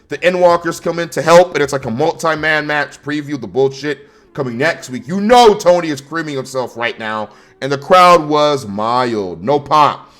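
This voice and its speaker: A man with a slightly high voice tears into a wrestling show in a heated, profane rant. He sounds angry and sarcastic and swears constantly. Quiet music plays behind him. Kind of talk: profane ranting review.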